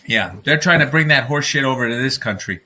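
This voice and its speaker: Guy ranting on his livestream, bright punchy voice, rambles, laughs at his own jokes. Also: medium pitch, expressive, fairly quick, slight background noise. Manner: addresses listeners as folks. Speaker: livestream host. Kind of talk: casual livestream rant.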